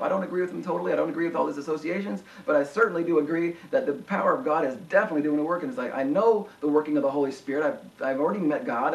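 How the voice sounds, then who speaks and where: A man preaching a sermon with impassioned delivery, rising to high emphatic peaks. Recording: echoey room, voice from far off.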